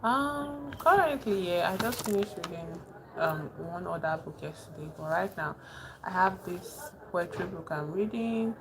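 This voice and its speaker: A young woman chatting casually with her live-stream chat, soft-spoken and calling herself very emotional. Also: lowish voice, animated, a little slow. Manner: soft-spoken, thanks chat warmly, says she is very emotional. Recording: noticeable background noise.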